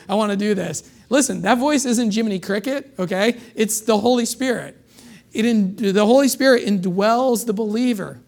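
A man's voice: sits high, vocal fry. A man preaching a sermon as pastor, talking conversationally and asking his congregation questions, briefly acting out the voices he quotes. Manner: acts out quoted voices in passing.

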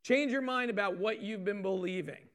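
A man's voice: sits high, normal speed, fairly bright tone. A man preaching a sermon in a conversational way, repeating phrases and asking his audience questions. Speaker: pastor.

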